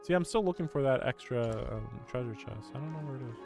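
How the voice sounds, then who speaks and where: A man's voice: medium pitch, lively intonation, quick pace. Rambling man reacting to a game. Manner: rambling, critical, laughs often. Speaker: streamer. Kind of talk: casual game reaction commentary. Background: faint game music.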